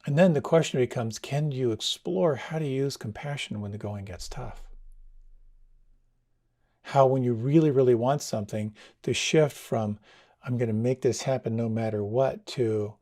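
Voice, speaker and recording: A man giving a dharma talk as a meditation teacher, speaking in a gentle, reflective way. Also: medium pitch, normal speed. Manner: gentle, reflective, tells stories with quoted dialogue.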